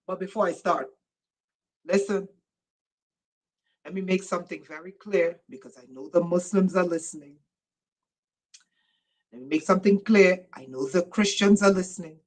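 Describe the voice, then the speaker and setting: A woman spiritual teacher giving an impassioned lecture, emphatic and loud at times, again and again urging her listeners to listen. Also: on the low side, normal speed, pauses often, low-quality recording.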